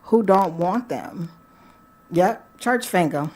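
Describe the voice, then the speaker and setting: A woman radio host talks in a loose, playful way about love and desire. Her voice sits on the low side for a woman. She slips into breathy, sultry asides and then bounces back into teasing chat. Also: moderate pace. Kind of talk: casual talk radio monologue.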